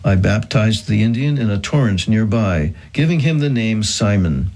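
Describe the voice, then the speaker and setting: Husky man reading an earnest history. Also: fairly low pitch, lively intonation, moderate pace, darkish tone, low-quality recording. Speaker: narrator. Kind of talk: scripted reading of a religious history.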